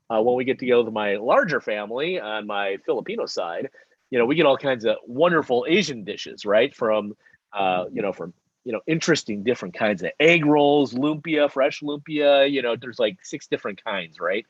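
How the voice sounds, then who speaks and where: Relaxed man on dull dry stream audio. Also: medium pitch, a little fast, husky, no room sound. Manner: relaxed, rambling, many fillers. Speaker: wine tasting co-host. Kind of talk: live online wine tasting chat.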